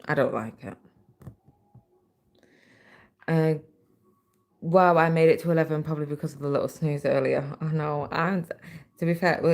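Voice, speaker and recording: Tired, chatty woman with creaky voice. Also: low-pitched, darkish tone. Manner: chatty, rambling, many fillers. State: tired, voice getting scratchy. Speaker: livestream host. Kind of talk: casual chat while stitching.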